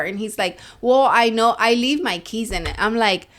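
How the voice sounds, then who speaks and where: A woman's voice: fairly high pitch, moderate pace. Woman podcast host telling a story. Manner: animated storyteller, mixing Spanish and English. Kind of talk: casual storytelling chat.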